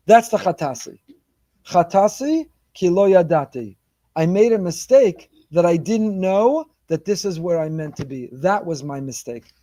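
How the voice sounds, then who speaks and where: A man, a rabbi, giving an animated sermon, weaving Hebrew phrases into his talk. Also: fairly high pitch, no room sound.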